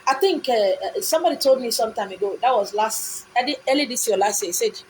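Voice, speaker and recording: Woman, Nigerian accent, fairly high voice, preachy, insistent, rhetorical, faint hiss behind. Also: expressive, fast talker, a little mellow, poor audio. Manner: emphatic and preachy, rhetorical questions and answers; repetitive, insistent phrasing with pidgin asides. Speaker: speaker giving a monologue. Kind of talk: impassioned monologue.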